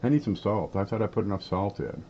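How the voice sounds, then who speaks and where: Man, lowish voice, folksy and rambling, chats between bites with his mouth full; dull lo-fi sound with faint hiss. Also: animated, quick pace, dark tone. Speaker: coin collecting channel host. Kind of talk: casual chat while eating on camera.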